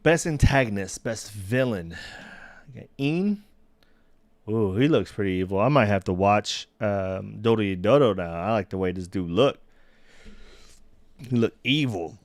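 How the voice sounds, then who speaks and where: A young man with a lowish voice rambles through a casual livestream chat into a desk mic. He stops mid-thought, restarts and chuckles at his own takes. The sound is close and dry. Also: expressive, measured pace, long pauses, no echo. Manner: rambling, self-interrupting, laughing at himself. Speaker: streamer.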